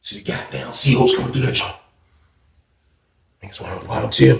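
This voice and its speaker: A man telling a prison story in casual, animated slang, acting out quotes with loud high shouts and hushed asides. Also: a little fast, creaky, roomy sound. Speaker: storyteller vlogger.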